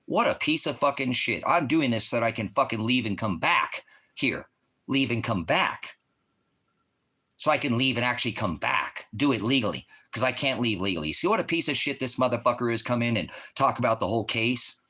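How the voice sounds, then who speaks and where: Enraged male streamer, bright, tense voice, swears nonstop, berates a chat viewer. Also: medium pitch, animated, a little fast, breathy edge. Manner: profane, confrontational, yelling accusations. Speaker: livestream host, veteran. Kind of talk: livestream rant at a chat viewer.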